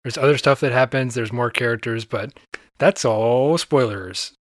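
A man co-hosting a podcast in casual chat, relaxed and thoughtful, laughing often. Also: medium pitch, moderate pace, dry recording, studio quality. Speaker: podcast co-host.

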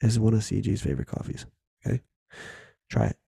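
A man talks through a solo podcast episode in an easygoing, candid way, swearing freely and acting out small scenes as he goes. His voice is low and gravelly with a mellow, warm tone. It sounds close and dry. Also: lively intonation, fairly quick, dry recording. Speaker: podcast host. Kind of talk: casual solo podcast talk.

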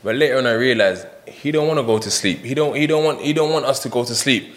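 A man telling prison stories in a casual podcast chat, acting out other people's lines as he goes. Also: mid-range voice. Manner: fast storytelling, acts out quoted voices, laughs while telling. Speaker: podcast guest.

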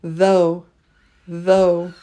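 Slow, mellow-voiced woman teaching pronunciation. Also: lowish voice, flat delivery. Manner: says each word twice with pauses. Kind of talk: slow word-by-word pronunciation drill.

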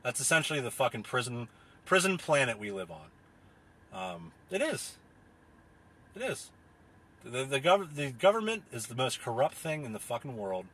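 A man's voice: medium pitch, big pitch swings, moderate pace, long pauses, pushed and bright, slightly rough. A man delivering an angry, profane rant, hammering his points with blunt repetition. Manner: angry, heavy swearing, repetitive emphatic phrasing. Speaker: podcast host. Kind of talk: profane ranting monologue.

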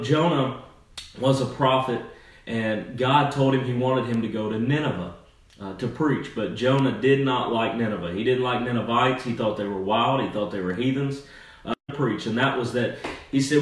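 A man's voice: medium pitch, recorded from a distance. Youth pastor, man, earnest conversational sermon, recorded from across a big echoey room. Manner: earnest, conversational preaching with fillers.

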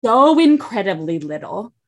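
This is a young woman co-hosting a chatty podcast. She tells family gossip in a lively storytelling way and voices each quoted person as she goes. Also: medium pitch, moderate pace. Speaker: podcast co-host. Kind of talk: casual chat.

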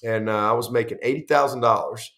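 Speaking fast in a mid-range voice, a middle-aged head football coach relates long, animated stories during a conversational interview, restarting sentences and voicing the dialogue he quotes.

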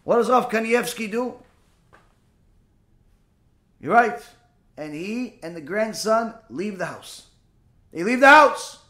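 A man's voice: sits high, animated, takes it slowly, long pauses, pushed and bright. A man giving a sermon, telling a story dramatically, repeating key phrases and asking rhetorical questions. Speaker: preacher.

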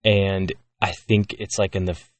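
A man co-hosting a horror movie podcast, with a lowish voice and an easygoing, chatty delivery full of ums and little laughs. The sound is dry and close, with almost no room around it. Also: normal speed, no echo, far from the mic. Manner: relaxed, chatty with fillers and laughs. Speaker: podcast co-host. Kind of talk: casual movie review chat.

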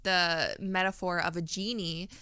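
A woman's voice: lowish voice, steady tone, measured pace, sharp tone, clean tone, no room sound, clean studio sound. A woman co-hosting a Christian podcast, talking in an earnest, reflective way and using fillers like "like" and "you know". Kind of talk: faith-based conversational discussion.

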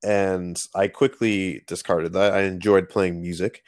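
A man co-hosting a podcast, chatting casually in a playful, animated way with lots of metaphors. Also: sits low, a little slow, no echo, clean studio sound. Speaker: podcast co-host.

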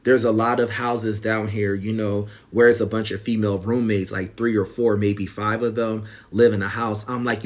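A man's voice: on the low side, level tone, normal speed, few pauses. A man telling a personal story to his viewers in casual, rambling talk, full of "you know" fillers and growing heated. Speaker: vlogger.

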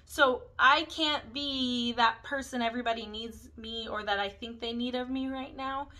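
A woman's voice: a little high, fairly even intonation, normal speed, pushed and bright, poor audio. A woman in her thirties hosting a podcast, talking candidly and a little ramblingly about her own life. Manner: candid, rambling, self-reflective. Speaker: podcast host. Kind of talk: casual personal monologue.

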